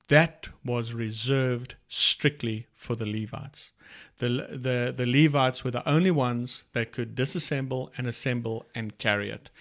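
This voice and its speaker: A man co-hosting a casual faith talk, retelling Bible stories in an unhurried way with many restarts. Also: medium pitch. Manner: slow, unhurried storytelling with restarts and laughs.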